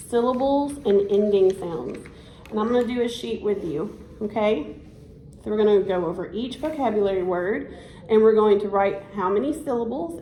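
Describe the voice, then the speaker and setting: A woman's voice: medium pitch, dark tone, slight background noise. A woman teacher giving a one-on-one science lesson, encouraging and praising as she prompts the student to repeat after her. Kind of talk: one-on-one classroom instruction. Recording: echoey room.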